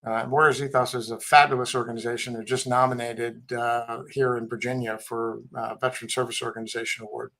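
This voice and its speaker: A man's voice: mid-range voice, level tone, a little fast, few pauses, pushed and bright, low-quality recording. A middle-aged man, a Marine veteran and company head, telling candid stories in a casual podcast interview with a blunt, wry manner. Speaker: guest, tech company CEO and Marine veteran.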